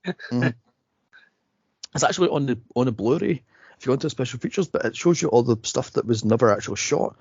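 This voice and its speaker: Husky, gravelly man chatting. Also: medium pitch, expressive, fast talker, long pauses, darkish tone, no echo, dull audio. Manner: rambling, laughs often, acts out scenes. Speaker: podcast host. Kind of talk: casual movie podcast chat.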